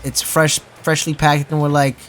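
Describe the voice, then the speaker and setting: A man's voice: on the high side, level tone, moderate pace, a bit bright. A young man telling a casual story as a vlogger, rambling with lots of fillers and restarts and swearing freely.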